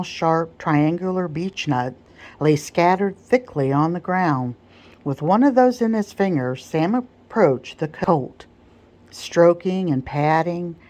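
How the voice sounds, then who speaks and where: A woman narrating an audiobook in a soft-spoken ASMR style, calm and measured. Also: low-pitched.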